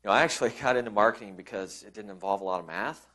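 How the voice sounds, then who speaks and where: Low-voiced man giving a conference talk. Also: very fast, a bit bright. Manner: conversational, with repeated restarts; acts out quoted colleagues. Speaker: conference presenter.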